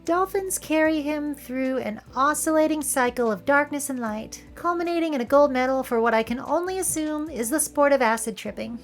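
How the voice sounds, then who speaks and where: High-voiced Valley Girl woman host. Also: normal speed, few pauses, faint music behind. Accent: Californian, Valley Girl. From San Francisco area, California. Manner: playful, wry, joking asides. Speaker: video essay host. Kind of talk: casual commentary over film clips.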